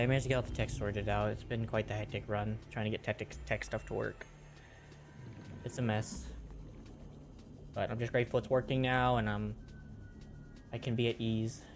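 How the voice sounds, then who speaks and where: Low-voiced man chatting through a game. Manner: chatty self-talk with mild minced oaths. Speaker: streamer. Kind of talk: casual gameplay commentary.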